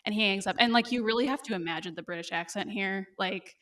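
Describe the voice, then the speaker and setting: A woman co-hosting a podcast, recapping a TV episode in casual chat, with fillers and quick laughs. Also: mid-range voice, a bit bright.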